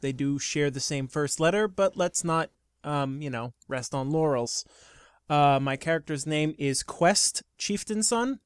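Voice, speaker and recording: A man playing in a tabletop game, introducing his character in halting, hesitant speech. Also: a little high, lively intonation, clean tone, dry recording, studio quality. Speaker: player. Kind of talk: casual chat introducing a character.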